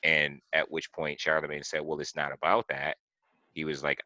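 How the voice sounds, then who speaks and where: A man's voice: extremely low pitch, level tone, a little fast, sharp tone, no echo, dull audio. A man hosting a casual podcast, retelling an interview at length with many "you know"s and restarts. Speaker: podcast host. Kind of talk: casual political discussion.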